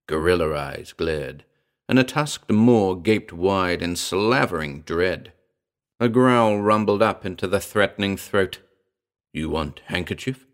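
A man narrating a comic pulp story in a dry, wry storytelling manner. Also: lowish voice.

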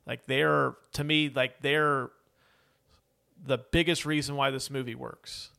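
A man's voice: mid-range voice, flat delivery, slow, creaky, pushed and bright, clean tone. Rambling man chatting about movies. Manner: rambling, many fillers, laughs often. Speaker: podcast co-host. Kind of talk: casual movie review chat.

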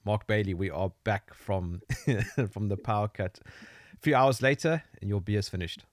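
A man's voice: on the low side, normal speed, no room sound, studio quality. A man hosting a casual interview, playful and teasing, who laughs often. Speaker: host.

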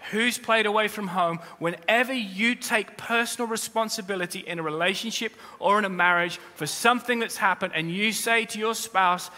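In a large hall with long reverb, a male pastor delivers a sermon in a high voice at a moderate pace, hardly pausing. He talks straight to the congregation, adds jokes along the way, and rises to loud, forceful climaxes.

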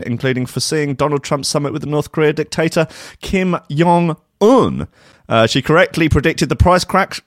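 A man's voice: medium pitch, no room sound, studio quality. A British man hosting a podcast, delivering a sarcastic, rambling comic monologue full of fillers. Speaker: podcast host.

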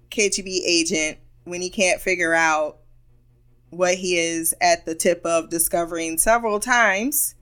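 A woman's voice: fairly low pitch, pushed and bright, clean tone. A woman giving a casual, playful recap of a cartoon episode, amused as she retells the scenes. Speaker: show reviewer.

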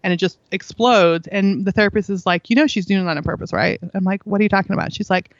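This middle-aged woman talks fast in a steady, mid-range tone while telling earnest stories as a parenting interview guest. She acts out what people told her and often laughs. The recording is muffled with no echo.

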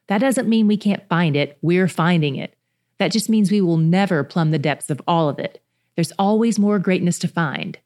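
A woman hosting a devotional Bible recap podcast, talking in an earnest, emphatic teaching manner and slowing down to stress key phrases. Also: fairly low pitch, darkish tone.

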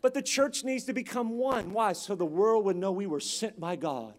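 High-voiced preacher building to loud peaks. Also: male voice, normal speed, a little hiss or hum. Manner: builds to loud emphatic peaks, rhythmic repetition. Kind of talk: sermon.

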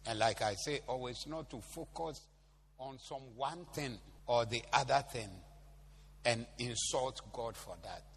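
A man's voice: mid-range voice, measured pace, vocal fry, breathy edge. A man with a Ghanaian accent preaching a sermon to a congregation, bantering and joking with them as he teaches. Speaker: pastor. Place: large church hall. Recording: echoey hall, faint hum.

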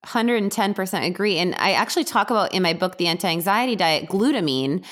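A woman hosts a relaxed interview, full of quick enthusiasm and easy laughter. Her voice sits a little low for a woman. She talks in a brisk, chatty way. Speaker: podcast host and author. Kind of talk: casual interview chat.

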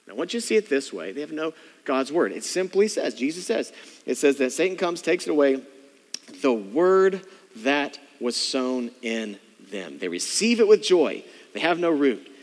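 Brief: male pastor, high voice, casual preaching that mimics the congregation, long reverb of a church hall. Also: very animated, moderate pace. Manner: conversational preaching, mimics churchgoers' inner thoughts. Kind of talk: sermon.

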